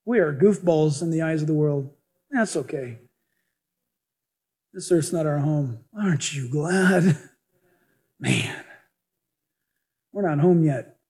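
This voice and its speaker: A pastor preaching a sermon in an animated way, acting out the people he quotes. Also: a little high, slow pace, pauses often, breathy edge. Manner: animated, acts out quoted voices.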